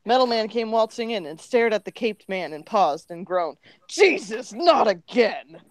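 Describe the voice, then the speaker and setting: A woman's voice: mid-range voice, moderate pace, no echo. A woman co-hosting a podcast, reading crude fan fiction aloud for laughs and giggling through it. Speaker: podcast co-host.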